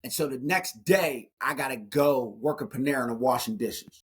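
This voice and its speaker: Telling his life story as an interview guest, this man in his forties performs the conversations he describes with lively energy. He speaks at a moderate clip in a somewhat rough, mid-pitched voice.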